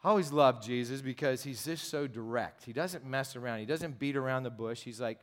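A man's voice: mid-range voice, brisk, hardly any pauses. A pastor preaching a sermon in a direct, conversational way, driving his points home with emphatic repetition. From United States.

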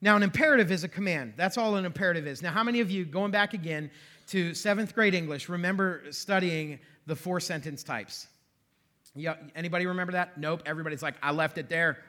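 A man's voice: high-pitched, brisk, pushed and bright. A male pastor preaching a sermon in a church, conversational and self-deprecating, with joking asides. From western Pennsylvania. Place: church sanctuary.

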